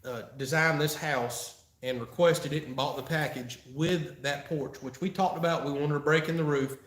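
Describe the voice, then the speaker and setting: A man's voice: fairly high pitch, fairly even intonation, normal speed, a bit bright. A man from Florida, hosting a casual live-stream Q&A and chatting in a folksy way with frequent laughs. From Florida, USA. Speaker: channel host answering live chat. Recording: roomy echo.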